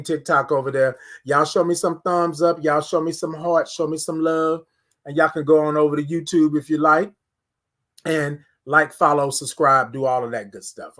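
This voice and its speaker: Speaking to his audience on a relaxed morning stream, a man with a somewhat high voice keeps repeating phrases and walks viewers through breathing. His delivery is energetic, and he's recorded indoors on a camera held close to his face.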